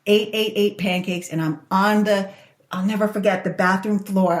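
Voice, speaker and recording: A woman in her sixties from Spain talks with raw emotion, her words tumbling out and circling back on themselves. She sits in a roomy, echoing space, and her voice sits at an ordinary middle pitch. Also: steady tone. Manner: emotional, rushed, repeats herself. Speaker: guest. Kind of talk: candid interview storytelling. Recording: echoey room.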